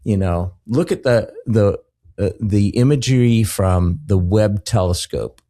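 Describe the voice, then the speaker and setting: A man talks as a podcast guest in a measured, unhurried way, his voice low and mellow. He speaks earnestly and reflectively, stretching out his exclamations. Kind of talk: podcast conversation.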